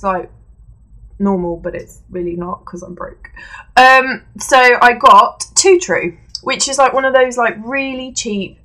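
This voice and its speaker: A woman's voice: mid-range voice, a bit bright. Young woman, beauty vlogger, rambling chat with lots of ums, recorded at home. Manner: chatty, rambling, many fillers and self-corrections. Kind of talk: casual product review chat. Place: indoors at home, seated on a creaky chair.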